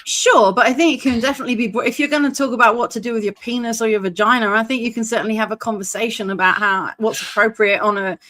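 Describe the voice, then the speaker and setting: A woman's voice: a little high, fairly even intonation, fast talker, hardly any pauses, pushed and bright. Chatty middle-aged woman co-host. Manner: chatty, reads out viewer comments. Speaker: podcast co-host. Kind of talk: casual live podcast chat.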